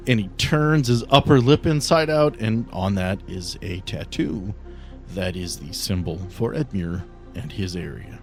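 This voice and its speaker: A man's voice: fairly low pitch, lively intonation, unhurried, darkish tone, soft background music. A man narrating a tabletop role-play game as game master, in a loose, casual manner.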